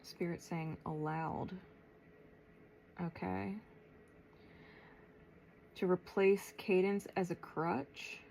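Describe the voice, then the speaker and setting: A woman tarot reader channeling messages aloud, thinking as she goes, with long pauses and a soft, unhurried way of talking. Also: on the low side, steady tone, gravelly, slight background noise. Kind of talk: slow, reflective spiritual channeling.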